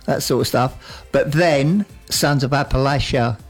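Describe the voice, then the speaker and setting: Kiwi co-host bloke rambling on excitedly, average pitch, faint music behind. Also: male voice, unhurried. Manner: rambling, enthusiastic, laughing often. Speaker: radio co-host. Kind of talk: casual radio banter. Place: radio studio.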